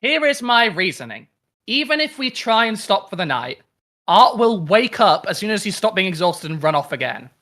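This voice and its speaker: A man playing in a tabletop game, talking through his party's plans in a quick, scheming way. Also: high voice, very animated, sharp tone. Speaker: player.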